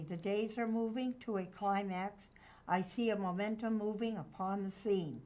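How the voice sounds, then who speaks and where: A woman's voice: mid-range voice, a little mellow. A woman preaching on a live stream, fervent and emphatic, relaying what she presents as divine words.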